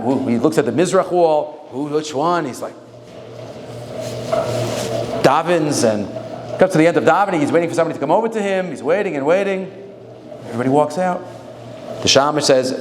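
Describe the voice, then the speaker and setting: A man, a rabbi, giving a Torah talk to staff, telling a story in an animated, conversational way. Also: a little high, fairly quick, pauses often. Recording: echoey hall, faint noise.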